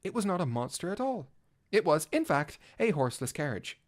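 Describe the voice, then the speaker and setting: A man's voice: a little high, very animated, brisk. A man voicing a vain, gallant male cat-knight bard in a fan audio drama, speaking in flowery, old-fashioned words and shifting from pompous to flustered. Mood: wry. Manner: theatrical, swinging from pompous to flustered. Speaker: narrator. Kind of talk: first-person fan audio drama reading.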